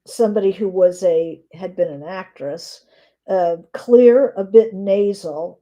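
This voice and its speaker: A middle-aged woman teaching writing on a live stream, reading descriptive notes aloud with frequent pauses and fillers. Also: medium pitch, warm tone.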